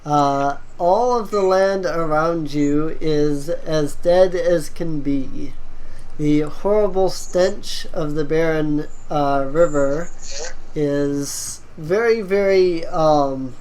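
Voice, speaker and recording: A game master narrating a tabletop game scene, halting often with ums and uhs. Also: medium pitch, a little mellow, low-quality recording.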